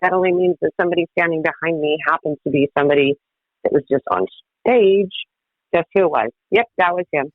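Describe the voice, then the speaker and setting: A woman guest telling wild stories in casual chat, lively and laughing, swearing freely. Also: low voice, quick pace, no room sound. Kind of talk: casual storytelling. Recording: tinny phone-like line, dry.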